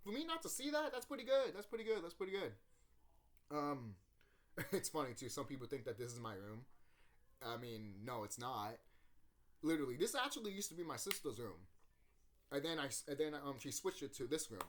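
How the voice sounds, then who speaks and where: A man's voice: a little high, big pitch swings, a little fast, a bit bright. A man hosting his channel, talking casually from a room at home about a movie, swearing often, laughing and acting out scenes. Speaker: YouTube channel host. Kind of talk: casual movie review rant.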